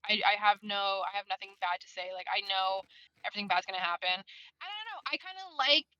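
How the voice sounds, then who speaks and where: A woman's voice: medium pitch, fast, lo-fi sound. A woman in casual book club chat, rambling and swearing freely while she drives. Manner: rambling, swears a lot, lively.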